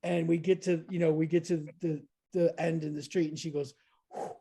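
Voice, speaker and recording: A woman in her thirties telling a story in casual chat, lively and laughing, jumping into high voices to act out quotes. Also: fairly quick, creaky, breathy edge. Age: 30s.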